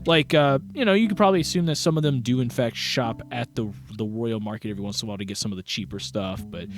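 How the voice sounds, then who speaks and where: A man's voice: medium pitch, fast talker, soft background music. A young man narrating as game master of a tabletop game, rambling with lots of fillers and restarts.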